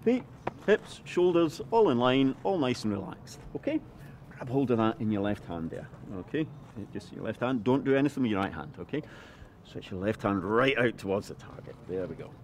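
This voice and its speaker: A man's voice: medium pitch, lively intonation, moderate pace, a little hiss or hum. A male archery instructor giving patient, encouraging step-by-step directions outdoors. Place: outdoors at a castle.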